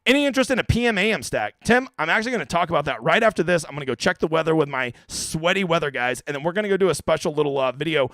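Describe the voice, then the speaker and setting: A brash man rattles through viewer questions at a quick clip on his livestream. His voice sits a little high, and the sound is dry and close, with almost no room around it. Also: animated, a bit bright, no room sound. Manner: blunt, brash, answers chat questions rapid-fire. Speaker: fantasy golf streamer. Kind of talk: casual livestream Q&A.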